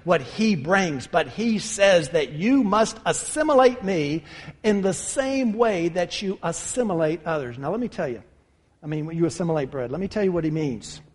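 A man's voice: sits high, animated, moderate pace, breathy edge. A man preaching a sermon with emphasis, addressing his listeners as brothers and sisters. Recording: long hall reverb.

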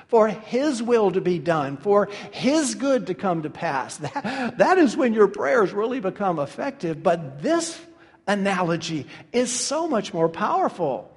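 A man's voice: high-pitched, long reverb tail. A man preaching a sermon as pastor, earnest and building to emphatic peaks.

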